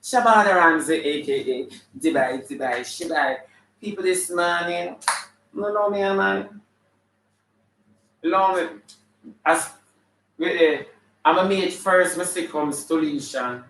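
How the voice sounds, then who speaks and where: A man with a Jamaican accent playing a flamboyant, sassy female character full of attitude, hosting a live stream and shouting out viewers' names. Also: high-pitched, slow pace, pauses often, heavily acted. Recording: echoey room, mic at a distance.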